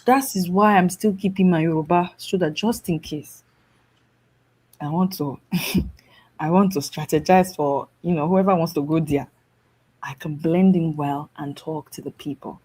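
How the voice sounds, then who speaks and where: Nigerian woman guest on a talk show, husky voice, animated and laughy. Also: deep voice, unhurried, rough recording. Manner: lively, laughing, switches into mimicked voices.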